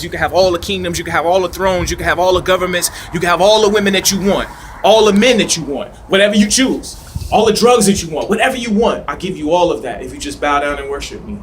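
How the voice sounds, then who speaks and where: A man's voice: on the high side, a bit bright, slight background noise, natural voice. A man voicing a tempting male devil who coaxes and lists offer after offer. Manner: coaxing, listing offers one after another. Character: smooth tempting male devil, greedy and persuasive.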